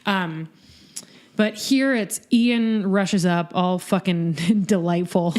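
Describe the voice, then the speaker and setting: A woman's voice: lowish voice, slow pace. A woman co-hosting a podcast, chatting casually about a TV episode, swearing often and joking around. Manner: profane, animated, jokey. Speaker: podcast co-host. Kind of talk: casual chat recap.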